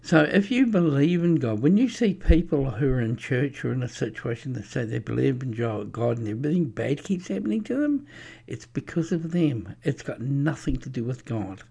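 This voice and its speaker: A man's voice: mid-range voice, dark tone. A man giving a rambling, preachy religious monologue with anecdotes, many fillers and restarts. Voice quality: gravelly. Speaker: religious speaker.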